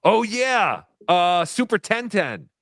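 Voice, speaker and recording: A man's voice: sits high, very animated, takes it slowly, fairly bright tone, no room sound, studio quality. A man hosting a casual livestream chat, loose and laughing, swearing freely. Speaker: livestream show host.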